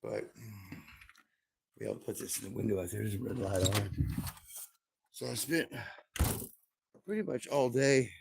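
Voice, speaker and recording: Gravelly, rambling man cursing freely. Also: on the low side, measured pace, long pauses, background noise. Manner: rambling, profane, repeats himself. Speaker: livestreamer. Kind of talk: rambling livestream monologue. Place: at home indoors.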